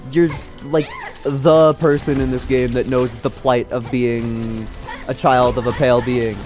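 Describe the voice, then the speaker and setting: A man streaming a game live, swearing and yelling in frustration, mocking himself and laughing often. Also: medium pitch, little pitch movement, measured pace, soft background music. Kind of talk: live gameplay commentary.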